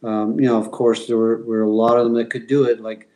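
A middle-aged man, a former pro hockey player, telling relaxed stories in an interview with many fillers and restarts. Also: medium pitch, a little fast, poor audio.

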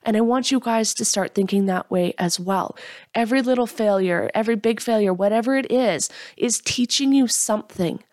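A woman's voice: on the high side, moderate pace, a little mellow, dry recording, studio quality. Earnest woman giving a motivational talk. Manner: earnest, encouraging, self-deprecating.

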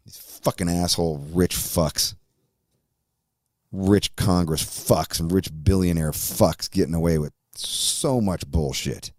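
Deep-voiced, profane ranting host. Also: male voice, slow pace, a little mellow, no echo, studio quality. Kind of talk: ranting podcast talk.

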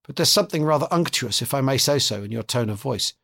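A man reading aloud gives voice to an irritable old Bolshevik in a prison camp. He is dry and mocking, sometimes snappish. The tone is husky and slightly worn. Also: mid-range voice, animated, fast, a bit bright. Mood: sardonic.

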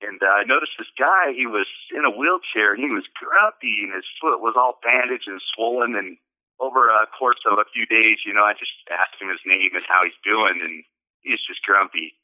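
A man's voice: on the low side, normal speed. A man calling in to share a personal story in casual, rambling talk, full of fillers and restarts. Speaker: caller sharing a testimony. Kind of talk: casual storytelling on a call-in show. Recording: tinny phone line.

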